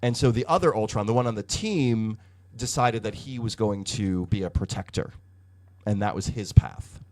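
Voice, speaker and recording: A man with a lowish voice at normal speed co-hosts a podcast recapping comics. In casual, animated storytelling he swears freely and fills his speech with "like" and other hedges.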